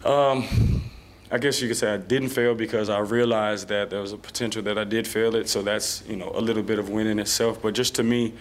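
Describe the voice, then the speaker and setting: A man in his thirties answering press conference questions in a relaxed, reflective way with many fillers. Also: on the low side, fairly quick, slight background noise. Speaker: football player at press conference.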